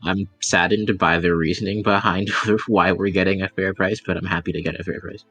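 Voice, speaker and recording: Male player, deep voice, relaxed casual chat with fillers. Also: brisk, no echo, faint music behind. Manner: relaxed, thinks aloud with fillers.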